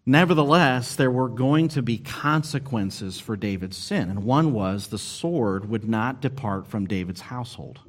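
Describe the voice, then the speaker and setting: A man preaching a sermon as pastor, earnest and expressive, pushing key words up and slowing down to stress a point. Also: mid-range voice.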